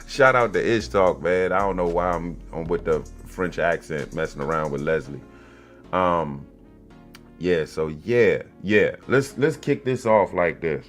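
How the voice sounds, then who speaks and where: A man hosting a casual podcast monologue, a youth basketball coach telling stories in a blunt, profane, animated way. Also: low-pitched, a little slow, faint music behind.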